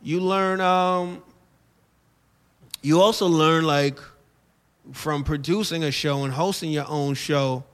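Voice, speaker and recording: Chill comedian guy chatting on a podcast, kinda high voice, slangy, says stuff twice. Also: slow pace, long pauses, fairly bright tone, clear, resonant tone. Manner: laid-back, repeats phrases, slangy. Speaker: stand-up comedian and show host. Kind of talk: casual podcast interview.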